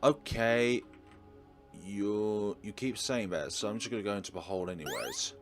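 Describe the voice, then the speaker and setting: A man's voice: lowish voice, moderate pace, over music. A man hosting a let's play, giving chatty, rambling gameplay commentary with jokes.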